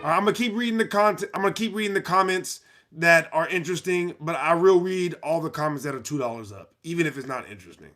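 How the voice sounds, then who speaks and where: A man's voice: on the high side, fairly bright tone. A man hosting a live stream, reading viewer comments aloud with playful asides and frequent laughter. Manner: playful, breaks into laughter, quick asides to chat. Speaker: livestream host.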